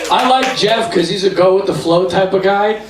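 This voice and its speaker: A man's voice: high voice, moderate pace, far from the mic. A man comedian joking around on stage with a laid-back, swearing delivery. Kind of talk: casual stage banter. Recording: roomy club with crowd noise.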